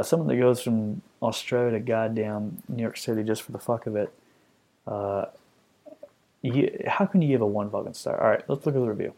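Warm in tone and mid-range in pitch, a thirtysomething man hosts a podcast where he rants about reviews. The humor comes through swearing, sarcasm and plenty of venting.

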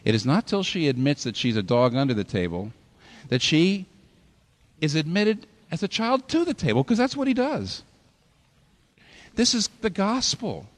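A pastor preaching a sermon in a hall, with animated delivery that rises and falls sharply for emphasis. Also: male voice, sits high, normal speed.

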